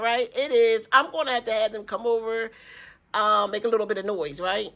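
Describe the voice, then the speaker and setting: Woman, older, grandmother, budgeting vlogger, easygoing chatty rambler, slightly high voice. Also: moderate pace, fairly bright tone. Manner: chatty, rambling, addresses viewers as y'all. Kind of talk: casual chat to viewers.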